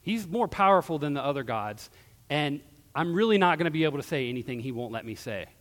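A man's voice: fairly high pitch, lively intonation, quick pace, natural voice. A man voicing a greedy, evasive male fortune teller in a casual, wheedling tone. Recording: long hall reverb.

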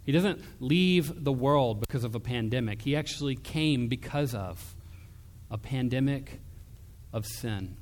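A man preaching a sermon in an earnest, emphatic way, dropping soft and low when he quotes. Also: animated, measured pace, big-room sound.

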